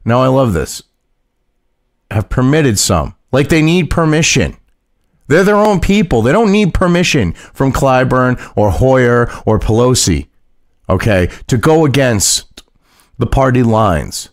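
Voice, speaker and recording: A man's voice: medium pitch, very animated, unhurried, dry recording, studio quality. Mocking, profane male political commentator. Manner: mocking, profane, laughs at his own jokes. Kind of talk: casual political commentary, reading and reacting.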